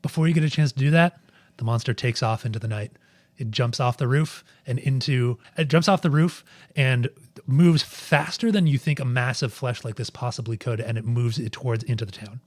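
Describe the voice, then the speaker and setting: A man's voice: medium pitch, brisk, no room sound. A man narrating as game master in a tabletop game, rambling and searching for words.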